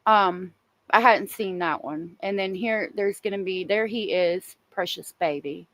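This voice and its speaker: A woman's voice: medium pitch, measured pace, a bit bright. A woman hosting a true crime livestream, talking casually and emotionally and answering viewers in the chat.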